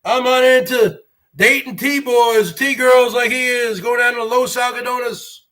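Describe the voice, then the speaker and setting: Speaking slowly in a very high voice with a steady, sharp tone, this show host is a man in his forties. He addresses his vlog viewers as "folks" and rambles straight to them.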